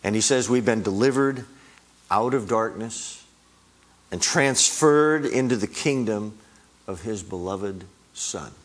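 Slow, low-voiced man preaching. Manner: emphatic, rising on repeated words. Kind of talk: sermon.

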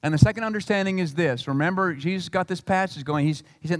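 A male pastor preaching a sermon in an animated, emphatic way. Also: high-pitched, quick pace, dry recording, studio quality, long reverb tail. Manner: animated and emphatic, acting out quotes.

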